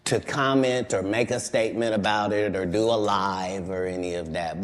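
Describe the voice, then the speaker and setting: A male comedian talking in an interview, assertive and matter-of-fact, rambling through his points. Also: on the low side. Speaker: comedian guest. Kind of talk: interview conversation.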